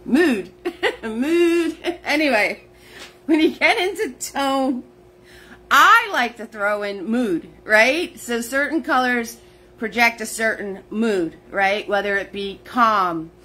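A woman's voice: fairly high pitch, expressive, slow pace, pushed and bright, rough recording. A woman hosting a live painting lesson, chatty and laughing often, greeting viewers by name as she explains terms. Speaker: painting class host.

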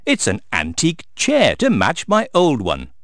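A man's voice: a little high, huge pitch swings, measured pace, fairly bright tone, no echo, studio quality, voice pushed up, full character voice. A man voicing a jolly, bumbling father pig who sounds a little pompous.

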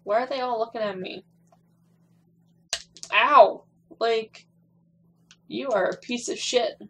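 A woman's voice: on the high side, moderate pace, slight background noise. Swearing young woman playing a game. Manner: swears often and talks back at characters on screen; laughs and squeals while playing. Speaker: gameplay streamer. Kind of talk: casual gameplay commentary.

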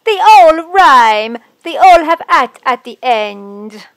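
A woman voicing a cheerful little puppet chef, speaking loudly and slowly in a sing-song way. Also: high voice, very animated, heavily acted.

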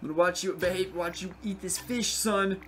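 Excitable high-voiced young man gaming. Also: brisk, soft background music. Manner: excitable, profane, talks to game creatures. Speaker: gameplay video creator. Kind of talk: casual let's play commentary.

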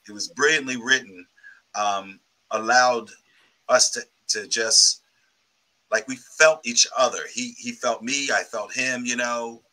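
A man, an actor, speaking haltingly about his co-star in an interview. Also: mid-range voice, steady tone, sharp tone, poor audio. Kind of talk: interview answers.

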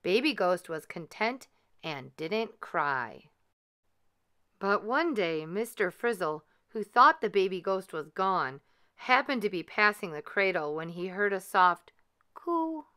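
Bright, clear woman reading a storybook. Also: medium pitch, takes it slowly. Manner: gentle, expressive reading. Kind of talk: children's read-aloud.

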